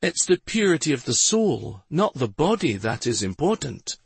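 A man voicing a soft-spoken, predatory female creature who speaks in a silky purr. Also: low voice, very animated, vocal fry, slightly rough, no room sound, pitched above the performer's own voice, heavily acted. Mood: mocking. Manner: slow, cold, mocking menace. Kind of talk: audiobook narration.

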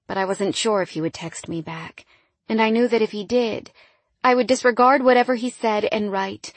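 A woman narrating a first-person romance audiobook in an intimate, wistful way that often drops quiet. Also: mid-range voice, normal speed, no room sound.

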